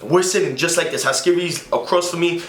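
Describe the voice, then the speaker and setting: Animated young man telling a story. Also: a little high, brisk. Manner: animated, acts out quotes, slangy. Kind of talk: casual storytime. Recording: echoey room with faint noise.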